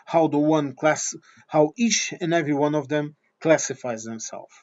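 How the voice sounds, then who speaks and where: A man's voice: on the high side, normal speed, darkish tone. Blunt, swearing man on a dull recording. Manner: blunt, swearing, repeats himself. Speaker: vlogger. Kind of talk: opinion monologue.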